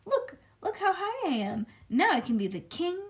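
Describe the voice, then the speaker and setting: A woman's voice: very high voice, very animated, normal speed, pitched above the performer's own voice. A woman voicing a hyper, bossy little kindergarten girl while reading a children's book aloud, squealing and bouncy. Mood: gleeful.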